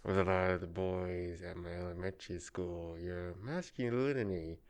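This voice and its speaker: A man talking in casual podcast chat, mostly offering brief replies. His voice is very deep and smooth. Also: steady tone, moderate pace. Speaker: podcast guest.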